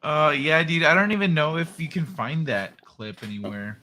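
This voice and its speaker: A man's voice: on the high side, sing-song, moderate pace, pushed and bright, slight background noise. A man dropping in as a guest on a stream, chatting casually and rambling a little while he is tired and yawning. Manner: laid-back, rambling. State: sleepy, yawning. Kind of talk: casual chat.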